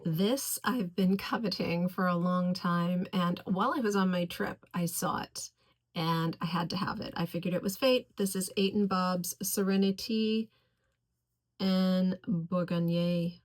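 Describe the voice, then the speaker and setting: A woman reviewing fragrances in a casual video, gushing over each scent and slowly listing its notes. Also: on the low side. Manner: effusive, gushing about scents; slow, deliberate listing of notes.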